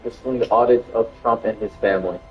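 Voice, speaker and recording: This game streamer's live reaction is an indignant, repetitive rant. His voice is on the low side with fairly even intonation and a slightly fast pace, recorded lo-fi in an echoey room with faint music.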